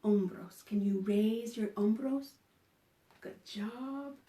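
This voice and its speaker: Woman, children's librarian, online storytime; high voice, animated and encouraging, in an echoey room. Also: a little slow. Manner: animated and encouraging, with gasps of surprise and prompts to join in. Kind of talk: online storytime reading picture books to children. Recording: roomy echo.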